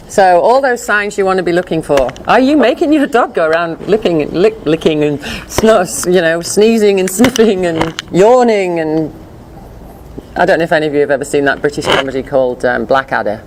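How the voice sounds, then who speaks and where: A woman teaching a dog behavior class in a chatty, animated way, often acting out voices. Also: fairly low pitch, moderate pace, noisy background. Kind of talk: informal lecture with slides.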